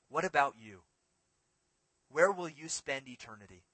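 Forceful, bright-voiced male preacher. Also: fairly high pitch, expressive, a little slow, long pauses, dry recording. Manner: dramatic, swings between forceful emphasis and hushed lines. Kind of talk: sermon.

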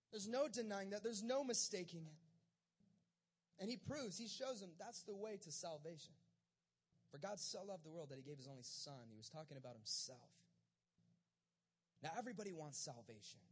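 High-voiced man preaching casually. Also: breathy edge. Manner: conversational, acts out disciples' lines in a casual voice. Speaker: pastor. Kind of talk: casual sermon retelling scripture.

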